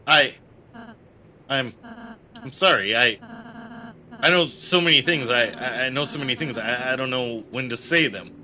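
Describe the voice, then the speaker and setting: A man's voice: mid-range voice, unhurried, pauses often. Man reading as a timid stammering goat-boy prince. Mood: tearful, apologetic. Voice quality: stammering, soft-spoken. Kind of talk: reading game dialogue aloud.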